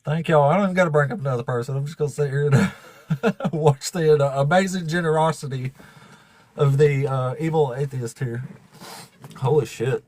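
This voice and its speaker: A man hosting a casual livestream, laughing and swearing as he thanks viewers, emotional and fighting back tears in a raspy voice. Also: a little high, moderate pace, darkish tone. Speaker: livestream host.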